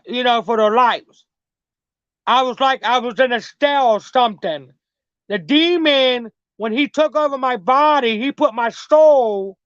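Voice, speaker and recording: A woman's voice: fairly high pitch, no room sound. A middle-aged woman telling a story as an interview guest in a casual, rambling, repetitive way, swearing freely. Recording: dull lo-fi dry recording.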